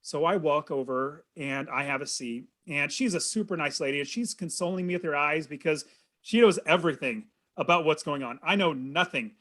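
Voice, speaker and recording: A man in his thirties tells a personal story as a podcast guest, earnest and animated. His voice sits a little high for a man. He talks plainly and warmly to his host. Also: moderate pace. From California. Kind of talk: storytelling in an interview.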